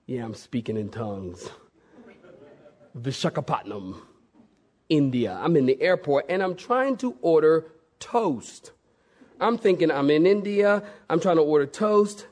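A male preacher delivering a sermon, lively and jokey, spinning stories for his congregation. His voice sits high for a man. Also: unhurried. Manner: animated, jokey storytelling.

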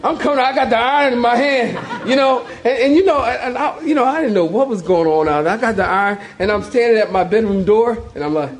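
A man's voice: extremely high pitch, fairly quick, few pauses, a faint crowd. A male pastor preaching a sermon, telling stories with animation, laughter and acted-out voices.

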